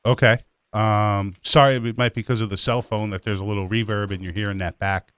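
A man's voice: lowish voice, level tone, brisk, a bit bright, clean tone, dry recording. A man hosting a talk show from a studio, chatting casually with loose, crude teasing. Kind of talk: casual joking chat. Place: radio studio.

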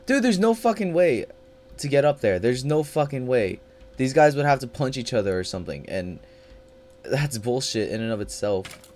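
A gaming channel host with a medium-pitched, slightly mellow voice commentates live gameplay. He swears nonstop and lurches between panicked yelps and frustrated grumbling.

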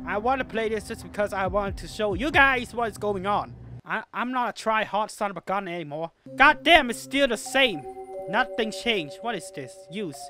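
A woman hosting a let's-play video, giving excitable commentary and swearing and shouting at the game. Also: mid-range voice, moderate pace, faint music behind. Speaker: gaming video host.

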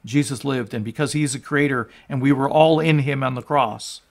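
A man's voice: mid-range voice, brisk, vocal fry. Fervent man preaching a sermon. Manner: builds from quiet teaching to loud, fervent proclamation. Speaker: pastor.

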